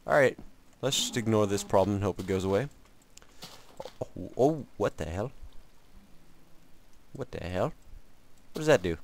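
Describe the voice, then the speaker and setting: In an unhurried let's-play, this gameplay commentator uses a lowish voice with lively intonation and pauses often. His rambling talk is jokey and self-mocking, directed at himself and the game, against slight background noise.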